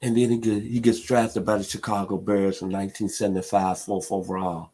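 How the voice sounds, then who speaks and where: Speaking a little fast in a low, level voice, a middle-aged man from Memphis hosts sports talk radio. He rants with passion and emphasis, pushing toward loud climaxes.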